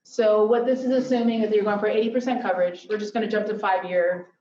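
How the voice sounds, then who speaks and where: A woman's voice: mid-range voice, fairly even intonation, quick pace, dark tone. A woman giving an upbeat conference presentation with joking asides. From Silicon Valley. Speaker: workshop presenter. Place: lecture hall. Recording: echoey hall from far off, dull.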